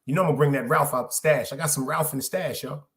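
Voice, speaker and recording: A man's voice: fairly high pitch, steady tone, quick pace, creaky. A middle-aged man, hosting a podcast in loose, streetwise solo chat, repeating phrases for emphasis. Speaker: podcast host. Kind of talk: casual solo livestream chat.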